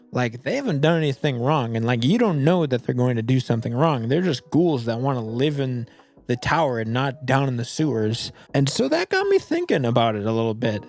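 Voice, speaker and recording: A young man giving casual gameplay commentary, rambling and saying "like" a lot. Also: mid-range voice. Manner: rambling, heavy use of "like". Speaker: gaming video creator.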